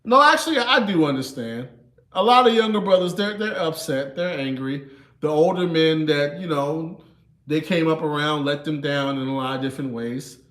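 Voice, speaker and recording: A man's voice: on the high side, moderate pace, a bit bright, echoey room. A man in his thirties hosting a casual livestream, laid-back and chuckling, often tagging his lines with "you know" and "man". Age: 30s. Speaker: livestream host.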